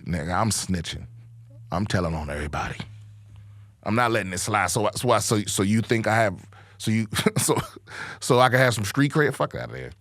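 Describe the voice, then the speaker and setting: A man's voice: fairly low pitch, fairly quick, vocal fry, long pauses, fairly bright tone, no room sound, clean studio sound. A man hosting a podcast, delivering a profane, rambling comic rant in a casual monologue. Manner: rambling, restarts often. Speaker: podcast host and comedian.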